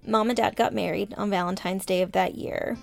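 A woman narrates her family's history, calm and explanatory. Her mid-pitched voice carries a heavy, gravelly vocal fry. Faint guitar music plays beneath her. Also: a little fast. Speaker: documentary narrator, the speaker's daughter. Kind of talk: scripted narration.

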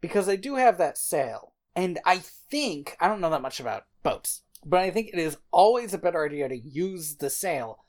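A woman's voice: on the low side, big pitch swings, normal speed, hardly any pauses, a little mellow. A woman co-hosting a casual movie review podcast, giving dry, wry commentary. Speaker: podcast co-host.

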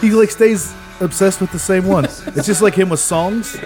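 A man's voice: sits high, moderate pace, over music. A man hosting a podcast, chatting crudely and jokily, laughing often and swearing freely. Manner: laughs often, jokey and profane. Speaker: podcast host. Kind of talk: casual crude banter.

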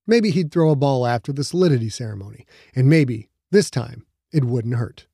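A man reading a novel aloud as narrator, measured and even. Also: mid-range voice, vocal fry, slightly rough, dry recording, studio quality. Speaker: audiobook narrator. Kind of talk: scripted narration.

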